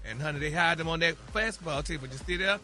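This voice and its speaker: A man's voice: on the high side, quick pace, bright, forceful tone. A man delivering a celebrity gossip segment on morning radio, flamboyant and peppering his talk with "honey" and "y'all.". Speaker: celebrity news correspondent.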